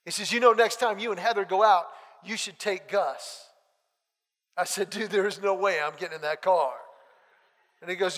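Pastor, male, high voice, storytelling sermon, lively quoted dialogue, reverberant hall. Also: normal speed. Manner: animated storyteller, quoting friends in lively back-and-forth.

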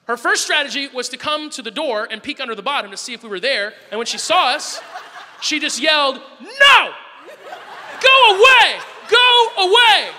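A man preaching a sermon, telling a family story with animated swings between loud bursts and soft asides. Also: very high-pitched, a little fast, big-room sound, a little hiss or hum. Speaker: pastor.

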